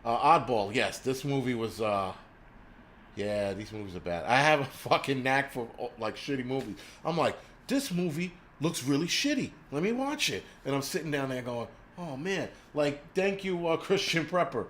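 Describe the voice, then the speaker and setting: A man talks on his live stream in a loose, profane rant, full of fillers and restarts. His pitch sits in the middle for a man. A faint hum of room ambience stays in the background. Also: normal speed. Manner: profane, animated ranting with frequent fillers.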